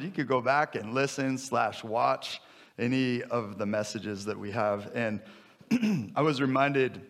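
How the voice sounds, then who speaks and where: Preaching with humor and a conversational touch, a man in his fifties works his way up to forceful repetition. He is a pastor, and his medium-pitched voice sounds a bit bright.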